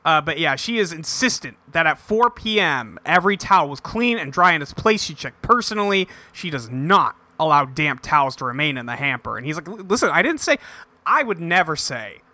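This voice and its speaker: This man's voice is a little high, and he talks a little fast with few pauses. Co-hosting a podcast, he casually recaps a TV episode, animatedly acting out the characters' lines. The recording has no room sound.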